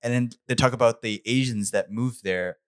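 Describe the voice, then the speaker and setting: A man co-hosting a casual chat, animated and often repeating himself. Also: medium pitch, normal speed, clear, resonant tone. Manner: animated, repeats phrases, many fillers. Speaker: podcast co-host.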